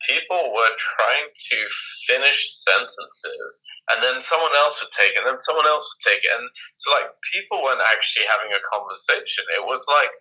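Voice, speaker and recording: A man's voice: mid-range voice, expressive, normal speed, few pauses, bright, forceful tone, slightly rough, low-quality recording. A man talking casually as a former coaching client, hesitant with frequent stammering restarts. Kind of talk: casual conversation.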